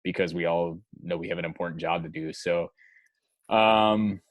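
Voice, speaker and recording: Deep-voiced, halting young male guest. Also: fairly even intonation, no echo. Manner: halting, hedging, swears casually. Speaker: guest, musician. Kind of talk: casual chat.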